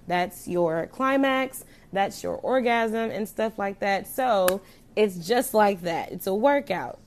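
A woman vlogging to camera in a casual chat, frank and playful with slang and swearing, her loudness jumping up and down as she talks. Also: medium pitch. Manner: animated, sudden jumps in loudness. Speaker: vlogger giving sex advice.

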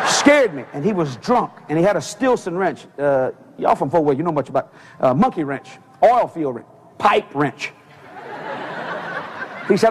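A man preaching a sermon, telling a story with lots of energy and shouting out the voices he quotes. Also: sits high, moderate pace, husky. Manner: animated, shouting quoted voices, laughing along.

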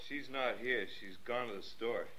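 A man's voice: mid-range voice, moderate pace, sharp tone, natural voice, low-quality recording. A man playing a curt, evasive man hiding something in a 1940s radio drama.

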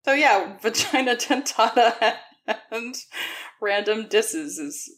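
A woman's voice: on the high side, animated, slow, a bit bright. A woman co-hosting a podcast in a casual, chatty way, telling stories and laughing often; English is her second language. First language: not English. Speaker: podcast co-host. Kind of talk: casual chat.

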